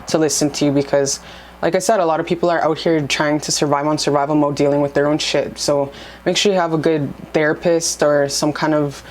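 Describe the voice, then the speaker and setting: A woman's voice: low voice, steady tone, brisk, a little mellow, slight background noise. A young woman giving casual spiritual advice to her camera at home, blunt and profane, and heated in bursts. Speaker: spiritual vlogger.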